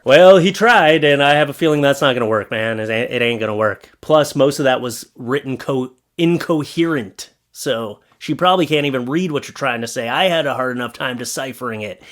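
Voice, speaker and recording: A man hosting a casual reaction commentary, sarcastic and mocking, reading texts aloud in animated voices. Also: medium pitch, fairly quick, few pauses. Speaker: YouTube host.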